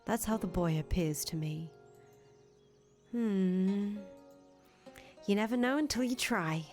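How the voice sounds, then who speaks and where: An earnest young foreign woman traveler, voiced by a woman, chatty and friendly, tripping over her words whenever she gets flustered. Her tone sits mid-range and she speaks slowly, with faint music behind her in a visual novel reading. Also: medium pitch, a little mellow, lightly acted. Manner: chatty, easily flustered, stammers when nervous. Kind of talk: fan voice acting of a visual novel.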